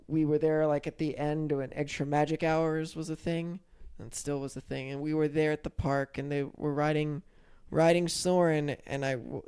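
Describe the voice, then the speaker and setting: A man's voice: on the high side, darkish tone, clean tone. A young man co-hosting a podcast, chatting casually and rambling with many restarts. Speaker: podcast co-host. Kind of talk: casual chat.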